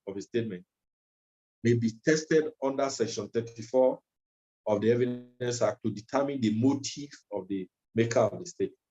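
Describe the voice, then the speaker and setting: A man gives a legal training lecture in a measured way, often pausing with ums and uhs. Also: medium pitch, mellow. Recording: dull lo-fi recording.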